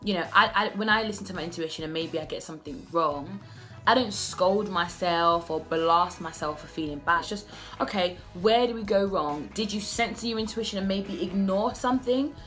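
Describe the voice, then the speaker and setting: A woman in her twenties speaks straight to the camera in a heartfelt vlog about self-love, earnest and personal, often restarting her sentences. Her voice is on the low side and a bit bright, at normal speed, with soft music in the background.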